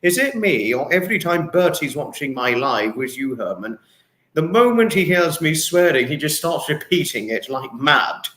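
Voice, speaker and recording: A man's voice: a little high, very animated, moderate pace. Effusive English man in an echoey room. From England. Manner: effusive, greets viewers warmly by name, swears freely. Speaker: livestream host. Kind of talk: casual livestream chat reading comments.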